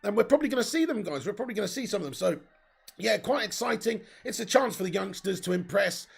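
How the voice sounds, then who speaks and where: A man with a sore throat, hosting a live football watch-along and reading out viewer comments in an excitable way. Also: high-pitched, fast, creaky, breathy edge. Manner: excitable, swears, bursts into cheers.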